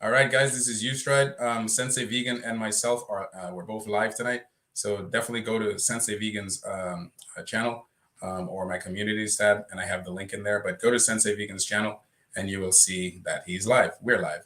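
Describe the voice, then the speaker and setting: A man's voice: on the low side, steady tone, a little fast, fairly bright tone. A man co-hosting a casual livestream, chatty and loose, often breaking into laughter. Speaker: livestream co-host.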